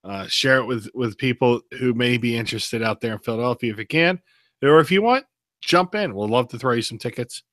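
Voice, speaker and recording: Bright, dry-voiced profane male podcaster. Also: medium pitch, a little fast, dry recording. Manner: loose, profane, rambling. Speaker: podcast co-host. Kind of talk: casual beer review chat.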